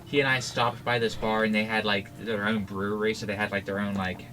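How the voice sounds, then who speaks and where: A man co-hosting a podcast in casual chat, with dry, deadpan humor. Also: fairly low pitch, fairly quick, a little hiss or hum. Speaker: podcast co-host.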